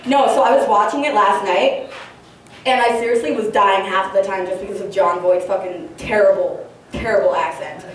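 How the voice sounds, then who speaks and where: A woman's voice: medium pitch, moderate pace, recorded from a distance, a little hiss or hum. A young woman doing a stand-up comedy set, rambling and profane, with lots of fillers and giggly asides. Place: comedy club stage, large room. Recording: very echoey room recorded from afar.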